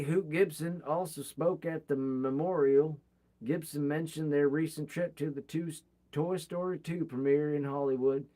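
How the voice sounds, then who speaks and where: A man's voice: a little high, mellow. A man reading a biography aloud and adding his own comments, acting out the quoted people with bursts of energy. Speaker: reader of a biography.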